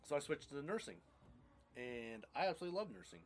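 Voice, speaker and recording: A man's voice: on the high side, very animated, fast, slight background noise. A man in his thirties casually telling his life story on a podcast, rambling and blunt, with casual swearing.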